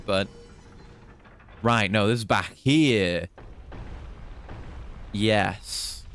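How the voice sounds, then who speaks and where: A man's voice: medium pitch, a bit bright, a little hiss or hum. Chatty British man streaming a game. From Britain. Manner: chatty, swearing, mock-taunting enemies. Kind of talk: casual gameplay commentary.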